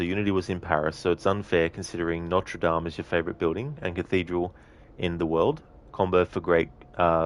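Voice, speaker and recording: A man streaming a video game, chatting casually and reading out his chat's messages. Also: sits low. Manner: chatty, reads out chat messages, laughs often. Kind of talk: casual gameplay commentary.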